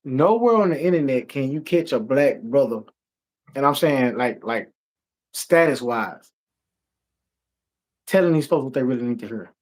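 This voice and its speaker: On a casual talk show, a male podcast co-host with a mid-range voice goes on a profane, animated rant. He speaks at normal speed but leaves long pauses in the heated discussion.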